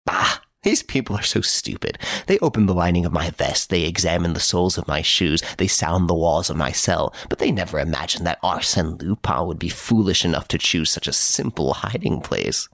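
This is a suave gentleman thief, relaxed in his cell and amused by everyone around him, as a man puts him on. He teases and brags in a voice that leaps up and down, with some gravel under it. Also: sits low, normal speed, hardly any pauses, dry recording, studio quality, full character voice. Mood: mocking, playful. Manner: playful, teasing, boastful. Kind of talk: audiobook character reading.

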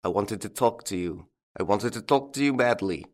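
A man doing a teasing young gentleman thief. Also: on the low side, expressive, normal speed, natural voice. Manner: playful and teasing. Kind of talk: audiobook character reading.

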